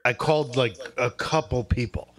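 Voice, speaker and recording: A man co-hosting a podcast, relaxed and reminiscing in casual chat. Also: mid-range voice, normal speed. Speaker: podcast co-host. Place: barbershop in Brooklyn.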